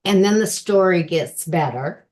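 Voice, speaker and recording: A woman's voice: on the low side, animated, measured pace, darkish tone. A woman guest author telling personal stories in a chatty way and laughing often during an interview. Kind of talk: casual interview chat.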